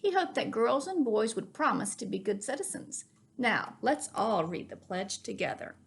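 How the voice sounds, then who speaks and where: A woman's voice: fairly high pitch, very animated, normal speed, creaky, slight background noise. A woman reading as a patient schoolteacher. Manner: patient, explaining. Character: kindly female schoolteacher explaining patiently. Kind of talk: storybook reading.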